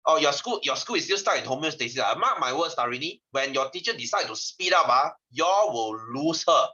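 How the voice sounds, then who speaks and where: Teasing his students and laughing between points, a Malaysian-accented science tutor keeps a brisk, animated pace, his bright pitch jumping all over. The lesson is full of jokes, and the recording sounds dull and lo-fi.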